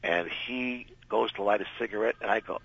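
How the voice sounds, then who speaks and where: A man telling an anecdote as a radio interview guest, animated and acting out the people in his story. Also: lowish voice, moderate pace, breathy edge, no echo. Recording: dull lo-fi radio recording.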